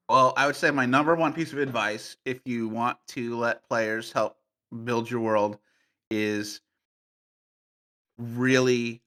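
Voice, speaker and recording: Bright-voiced man telling playful stories. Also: lowish voice. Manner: playful, animated storytelling with frequent fillers. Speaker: podcast guest, game master. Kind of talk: casual podcast conversation.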